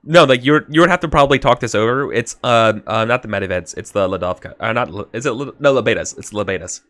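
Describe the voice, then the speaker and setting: A man's voice: medium pitch, fast, fairly bright tone. A man running a tabletop role-playing game as game master, talking in a rambling, chatty way with many fillers.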